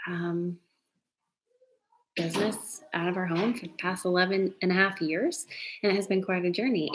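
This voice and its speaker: A middle-aged woman hosting a casual live broadcast from her dining room, chatty and emotional, laughing often. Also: lowish voice. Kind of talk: casual live-stream chat.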